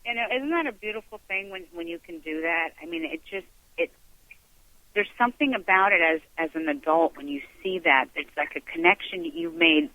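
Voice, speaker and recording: A man's voice: on the high side, fairly quick, pushed and bright, no echo. A man hosting a radio show, chatting casually with a guest and gushing with praise. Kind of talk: casual interview chat. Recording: tinny phone line.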